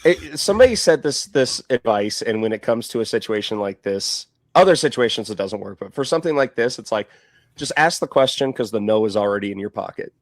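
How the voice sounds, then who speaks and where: A man's voice: on the low side, animated, a little fast. A man co-hosting a podcast in casual chat, recapping a movie and quoting lines in a raised voice. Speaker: podcast co-host.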